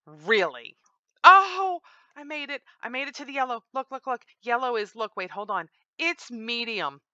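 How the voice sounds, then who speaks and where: A woman commentating her own gameplay, her bright voice swinging widely in pitch as she exclaims and teases her viewers. The recording is dry and a bit dull, like a home desk mic. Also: animated, normal speed, clean tone, no echo. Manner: exclaiming, playfully boastful, chatty to viewers. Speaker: gaming channel host. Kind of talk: let's-play commentary.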